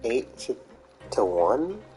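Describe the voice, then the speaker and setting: Tired, slow-talking male game streamer. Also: medium pitch, sing-song, darkish tone, faint music behind, rough recording. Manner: mumbling, trails off, wry asides. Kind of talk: casual gameplay commentary.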